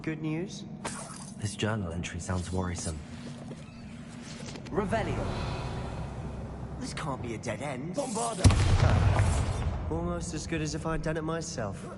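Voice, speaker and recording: A man's voice: on the high side, lively intonation, normal speed, lightly acted. An actor playing a young male wizard student who sharply calls out spell names. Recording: game audio under loud background noise.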